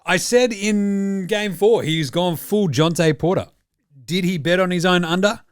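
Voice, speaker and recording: A man's voice: high-pitched, a little slow, smooth, no echo. An Australian man hosting a casual sports reaction podcast, talking in a blunt, jokey, profane way. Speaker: podcast host.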